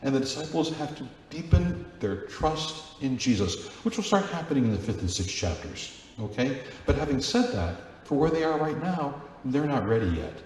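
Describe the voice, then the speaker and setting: A Catholic priest gives a chatty Sunday homily in a large church, often putting questions to the congregation. His mid-range voice has a darkish tone and big pitch swings at a moderate pace with hardly any pauses. The very echoey church adds long reverb, faint ambience and slight background noise.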